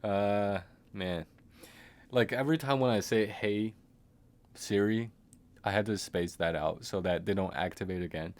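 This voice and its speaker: A man streams a game with a low voice at normal speed, chatting casually and rambling, frequently trailing off into mutters and chuckles under his breath.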